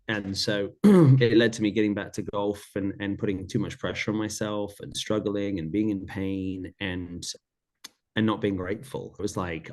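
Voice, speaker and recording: A man with a fairly low voice speaks candidly as a podcast guest, sharing his own story. He reflects earnestly and now and then slips into remembered conversations as he tells it. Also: steady tone, normal speed, darkish tone. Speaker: golf coach and podcast guest.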